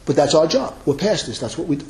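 A male pastor delivers a sermon in a fairly high voice, earnest and emphatic. His words ring out in a roomy, echoing church. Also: expressive, fast, darkish tone.

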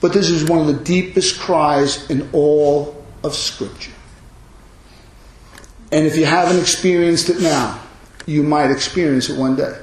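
A man preaching a sermon as pastor, impassioned, rising into loud cries on quoted lines. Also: on the high side, fairly even intonation, unhurried. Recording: very echoey hall.

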